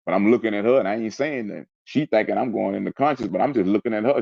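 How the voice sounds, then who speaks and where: A man's voice: lowish voice, very fast, vocal fry, few pauses, dry recording, muffled recording. A man telling a personal story in an interview, in an intense, emphatic way, sometimes mimicking sounds. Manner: intense, emphatic retelling with spoken sound effects. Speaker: interview guest. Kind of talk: personal storytelling in casual chat.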